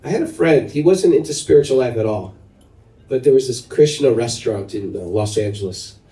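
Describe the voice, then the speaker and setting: A man's voice: mid-range voice, fairly quick. A middle-aged man giving a devotional talk to a gathered group as its spiritual teacher. He tells stories with animation and keeps turning questions to his listeners. His voice echoes around the room and comes from a mic set at a distance. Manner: animated storyteller who asks the audience questions. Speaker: spiritual teacher leading kirtan.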